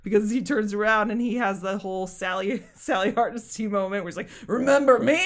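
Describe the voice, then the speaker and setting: A woman co-hosting a podcast, chatting casually about a movie, laughing often and acting out scenes in quick little voices. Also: mid-range voice, steady tone. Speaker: podcast co-host. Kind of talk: casual movie review chat.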